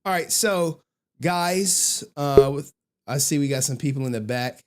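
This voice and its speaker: A man's voice: a little high, measured pace. A young adult man hosting a livestream in casual chat. He laughs often, swears freely, and tells stories with animation. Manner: laughing, profane, animated storytelling. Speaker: livestream host.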